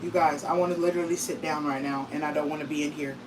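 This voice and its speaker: A woman's voice: sits low, steady tone, quick pace, recorded from a distance, noisy background. A woman vlogging casually from her home kitchen, talking straight to her viewers in a tired, emotional way. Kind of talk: casual vlog talk to viewers.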